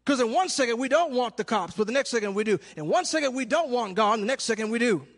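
A man preaching a sermon, animated, acting out little scenes and shouting for emphasis. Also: very high-pitched, fast talker. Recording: long hall reverb.

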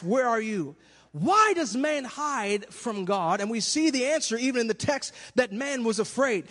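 A male preacher delivering a sermon, swinging from shouted cries to hushed questions in a half-sung preaching cadence. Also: extremely high pitch. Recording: long hall reverb.

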